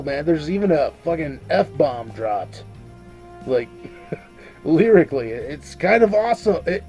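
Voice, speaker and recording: A man's voice: fairly high pitch, dark tone. A drunk man giving a casual video review of a movie, rambling, swearing freely and tripping over his own words.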